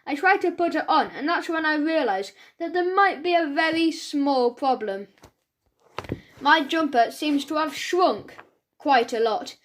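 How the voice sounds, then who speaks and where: A woman's voice: high voice, animated, unhurried, a little hiss or hum. A woman narrating a children's audiobook in a chatty first-person voice, telling the story as a schoolboy.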